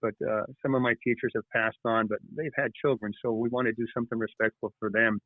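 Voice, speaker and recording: A man, the guest author, telling animated stories in an interview, halting and restarting often. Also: medium pitch, no room sound. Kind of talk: storytelling interview chat. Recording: tinny phone-like line.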